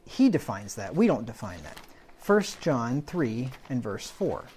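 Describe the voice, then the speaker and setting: A man delivering a conversational sermon in a church. He reads verses aloud and breaks them down plainly, often checking in with his listeners. His voice sits at an ordinary middle pitch. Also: sing-song, a little slow, a little mellow, a little hiss or hum. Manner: conversational, quotes scripture, asks the room "right?". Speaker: preacher. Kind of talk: Bible-study sermon.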